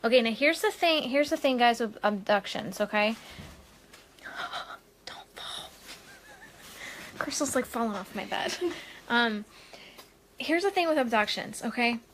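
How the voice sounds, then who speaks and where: A woman's voice: fairly high pitch, animated, normal speed, fairly bright tone, slight background noise. A woman hosting a casual live stream as a spiritual medium, chatting and rambling with lots of fillers, recorded at home on a webcam. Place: home, Maui.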